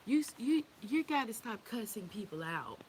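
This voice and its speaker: A woman's voice: a little high, sing-song, normal speed, a little mellow, slight background noise, pitched above the performer's own voice. A woman mimicking her own children as they whine at their mother about her cussing. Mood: whiny. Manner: whiny and complaining. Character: her nagging children scolding mom.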